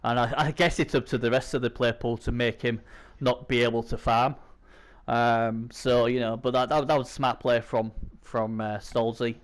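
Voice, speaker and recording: A man's voice: medium pitch, steady tone, moderate pace. A man hosting a casual gaming preview chat, his voice strained by a sore throat, rambling with lots of fillers. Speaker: host.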